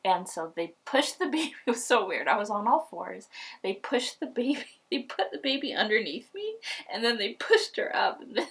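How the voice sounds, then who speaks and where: A woman vlogger telling a personal story in a candid, chatty way, acting out quoted lines with big jumps in pitch. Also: very animated, moderate pace, a bit bright, slightly rough, recorded from a distance. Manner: candid and chatty, addresses viewers directly. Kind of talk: casual storytelling.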